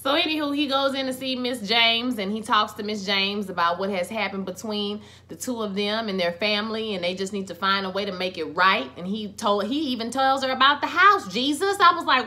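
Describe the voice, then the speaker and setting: A woman giving a casual, animated recap of a TV episode, full of sassy asides to the characters. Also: mid-range voice, normal speed, hardly any pauses. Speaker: TV episode reviewer.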